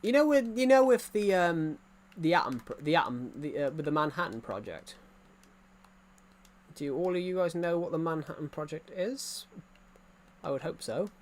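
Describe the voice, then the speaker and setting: A man's voice: on the high side, big pitch swings, moderate pace. A young man from England with an English accent, chatting casually to viewers while playing a game, rambling and restarting his sentences. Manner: rambling, repeats and restarts phrases. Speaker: gaming streamer. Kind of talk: casual chat while gaming.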